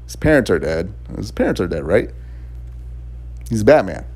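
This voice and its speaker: A man with a deep, low-pitched voice talks through a game review in a loose, chatty way. He rambles, circles back on his points and laughs between thoughts. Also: big pitch swings, moderate pace, darkish tone, husky. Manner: rambling and chatty, laughs often, fillers and restarts. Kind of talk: casual spoken game review.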